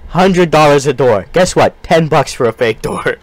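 A male streamer improvising a mock sales pitch, riffing quickly and laughing through it. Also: lively intonation, no room sound.

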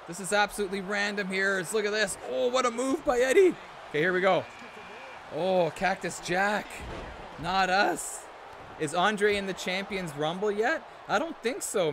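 Streaming live, a man with a high-pitched voice calls a wrestling video game with loud excitement, yelling at big moves. Between viewer shout-outs he chuckles to himself, and a faint background hiss runs under his voice.

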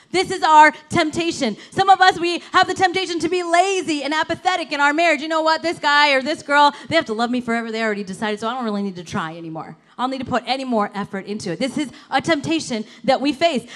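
A woman pastor giving a sermon in an animated, conversational storytelling way, full of casual fillers. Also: sits high. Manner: animated, conversational, lots of "like" and "you know".

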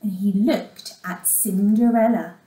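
A woman teacher reading a storybook aloud to young children in an expressive way, sometimes asking them questions. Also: medium pitch, slow pace, roomy sound, far from the mic, low-quality recording. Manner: expressive, asks the listeners questions. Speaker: primary school teacher.

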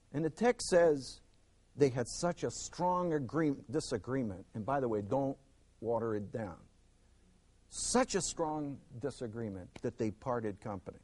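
Dramatic male Bible teacher, lively pitch. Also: a little slow. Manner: dramatic, swings from loud emphasis to near hush; acts out quoted speakers in the stories. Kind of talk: Bible lesson.

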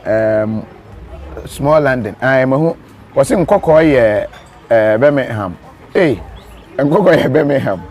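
Laughing Ghanaian man chatting. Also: mid-range voice. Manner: animated and laughing, switching between Twi and English. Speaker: live stream host reading viewer comments. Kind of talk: casual chat.

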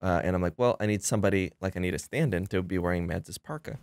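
A man with a fairly low voice tells a lively behind-the-scenes story, stumbling through fillers and restarts. He slips into the voices of people he quotes. The sound is dry and close. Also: fast, no echo. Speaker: guest filmmaker. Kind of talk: casual podcast chat.

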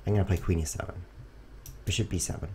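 Streaming from a home room setup, a man commentates his own chess games live, goofy and self-mocking as he talks to viewers. He talks fast, his animated voice jumping high in excited outbursts and dropping to quiet mutters. There's slight background noise.

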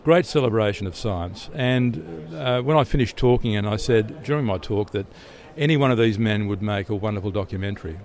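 A man's voice: on the low side, brisk, creaky, hardly any pauses, darkish tone. A middle-aged Australian man, an interview guest telling stories in a chatty way, often restarting and repeating words. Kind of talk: relaxed storytelling answers.

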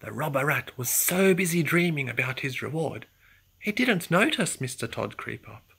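A storybook reader narrating a children's story aloud in an expressive, sometimes whispery way. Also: medium pitch, moderate pace, gravelly, slight background noise.

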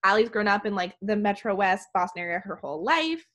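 A young woman co-hosting a podcast, chatting casually and agreeably with quick asides. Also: medium pitch, expressive, fairly bright tone. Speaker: podcast co-host.

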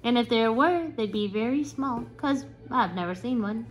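A woman voicing a brisk, matter-of-fact maid in a storybook reading, with a soothing dismissive manner. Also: fairly high pitch, lively intonation, faint music behind, lightly acted.

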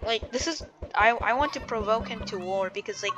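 A woman's voice: medium pitch, brisk. A woman giving casual gameplay commentary, chatty and full of "like" and restarts. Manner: chatty, hedging with "like", self-interrupting. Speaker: gamer and video creator.

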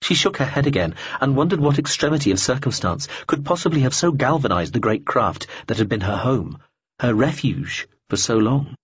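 A man narrating an audiobook in a measured, even reading, in a dull lo-fi recording. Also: mid-range voice, breathy edge, dry recording.

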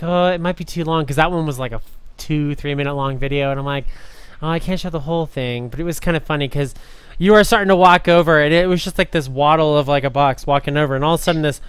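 Male podcast host, chatty and animated, resonant tone, dry studio sound. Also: fairly high pitch, clear, resonant tone, dry recording. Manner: animated, laughing often, many fillers. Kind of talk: casual storytelling chat.

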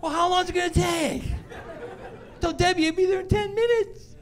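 A woman's voice: very high voice, steady tone, normal speed, a faint crowd, slight background noise, voice pushed up. A man voicing a self-absorbed teenage daughter who whines impatiently in a raised voice. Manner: impatient, whining.

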